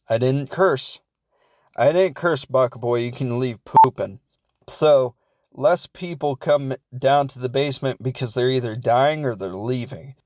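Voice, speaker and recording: A man at a middle pitch riffs through a movie plot in a loose, rambling way, throwing in the characters' lines in quotes and laughing at his own jokes. The sound is dry and close, with no room around it. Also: darkish tone, no echo. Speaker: podcast host reviewing a film. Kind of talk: casual comedic film recap.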